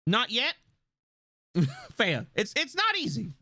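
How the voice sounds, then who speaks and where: A theatrical male streamer with a gravelly, fry-laden voice that swoops up and down through a wide, lively pitch range. He chats casually with his audience in a dry, close-miked sound with no room echo. His voice sits somewhat high for a man. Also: slow. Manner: theatrical, swoops between a bright stream voice and a low gravelly one. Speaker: live streamer. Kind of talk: casual live-stream chat answering chat.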